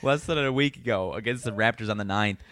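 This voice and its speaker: A man's voice: lowish voice, fast, a bit bright. A man co-hosting a sports betting show, giving easygoing analysis in casual chat. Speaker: co-host.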